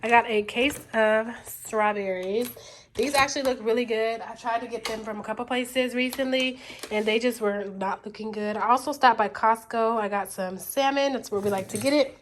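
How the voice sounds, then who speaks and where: Woman, thirties, casual haul vlog, stuffy nose, chatty, y'all, somewhat high voice, noisy phone mic. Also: steady tone, normal speed. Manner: chatty, addresses viewers as y'all. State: stuffy, sniffling. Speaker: vlogger.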